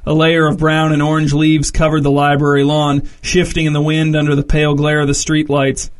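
A man reading a comic story aloud in a dry, deadpan narration. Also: fairly high pitch, brisk. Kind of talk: scripted narration.

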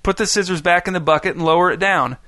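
A man voices a keyed-up young boy in a storybook. He talks high and pushes hard. The read is bright and close, with no room sound. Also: fast, no room sound. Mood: urging. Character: eager excitable young boy.

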